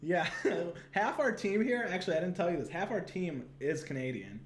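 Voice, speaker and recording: A man's voice: sits high, animated, moderate pace, a little hiss or hum. Upbeat man hosting a livestream. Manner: upbeat, chatty, many fillers. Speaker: livestream host. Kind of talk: casual livestream chat. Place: Santa Monica, Los Angeles.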